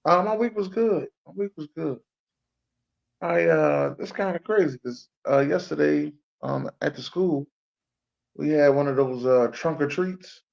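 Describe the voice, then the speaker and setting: A man's voice: a little high, a little slow, vocal fry, darkish tone. A man hosting a podcast in casual, chatty talk. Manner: laid-back, chatty, with fillers. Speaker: podcast host. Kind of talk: casual chat. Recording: dull lo-fi stream audio.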